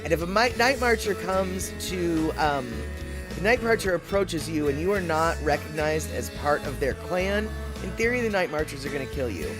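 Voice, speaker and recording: A man's voice: fairly high pitch, animated, moderate pace. A man hosting a casual reaction stream, explaining in a rambling way with many fillers. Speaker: streamer host. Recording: guitar music playing clearly under the voice.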